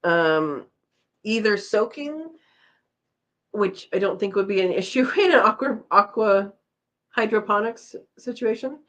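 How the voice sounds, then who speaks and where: A woman's voice: mid-range voice, animated, measured pace, long pauses, fairly bright tone. A tired woman hosting a casual live chat, reading out viewer comments and chatting back with a laugh. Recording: slightly dull lo-fi audio.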